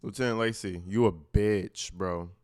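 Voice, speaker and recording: A man's voice: fairly low pitch, measured pace, a little mellow, smooth. A man giving casual commentary on meeting clips, blunt, mocking and full of swearing.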